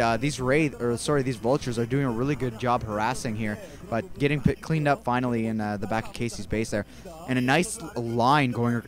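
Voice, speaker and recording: A young man giving casual, rambling play-by-play commentary on a video game match as an amateur caster, often correcting himself mid-sentence. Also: medium pitch. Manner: rambling, relaxed, self-correcting.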